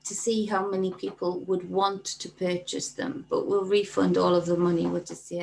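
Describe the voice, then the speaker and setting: A woman hosting a casual livestream, chatting warmly and reading viewer comments aloud. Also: medium pitch, little pitch movement, moderate pace, vocal fry, poor audio. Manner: chatty, reads viewer comments aloud and thanks them by name. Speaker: livestream host.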